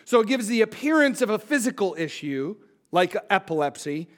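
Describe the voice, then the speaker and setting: High-voiced pastor preaching. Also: male voice, sing-song, moderate pace. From United States. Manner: conversational teaching, asks the listeners questions. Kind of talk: expository sermon, reading and explaining scripture.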